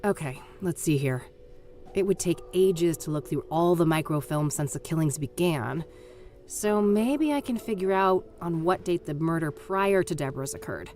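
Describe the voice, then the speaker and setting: A woman's voice: sits low, lively intonation, moderate pace, a little mellow, faint music behind. An actress voicing a wry, sarcastic young female detective in a video game. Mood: focused. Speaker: game character.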